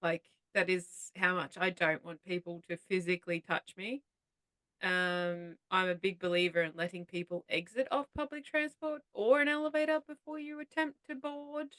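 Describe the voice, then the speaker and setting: A woman's voice: lowish voice, steady tone, moderate pace, fairly bright tone, no room sound. A woman co-hosting a podcast in casual chat, making dry, sarcastic asides. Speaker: podcast co-host.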